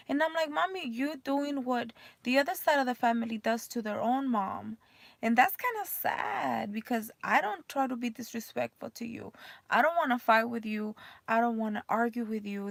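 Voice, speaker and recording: A woman's voice: a little high, creaky, no echo. A woman in her thirties, a mother, talking candidly in a rambling personal vlog full of fillers. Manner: emotional, voice rising and cracking near tears.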